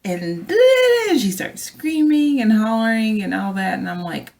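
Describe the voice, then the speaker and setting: A flight attendant, a woman, telling a story from work in a chatty, animated way and talking straight to her viewers. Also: mid-range voice, unhurried, gravelly. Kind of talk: casual storytelling vlog.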